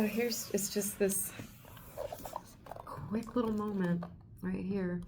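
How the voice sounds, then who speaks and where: A woman's voice: medium pitch, steady tone, slow pace, pauses often, darkish tone, a little hiss or hum. A woman hosting a podcast in a casual book discussion. She gushes with emotion, laughs often, and trails off into restarts. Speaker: podcast host.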